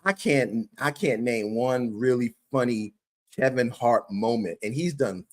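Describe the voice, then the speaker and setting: Male co-host for a casual reaction show, animated and profane, mid pitch. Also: a little slow. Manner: animated, profane, laughs often.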